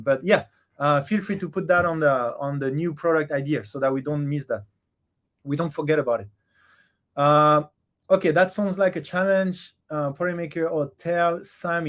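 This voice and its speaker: A man hosting a casual live Q&A stream. He reads viewer comments aloud and answers with many pauses, fillers and restarts. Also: a little high.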